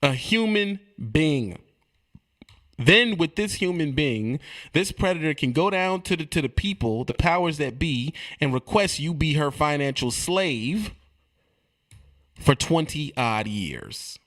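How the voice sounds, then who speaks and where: A man delivering a streetwise comedic rant, animated and repetitive, swinging between loud and quiet. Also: a little high, slow pace. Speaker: comedic ranting monologue.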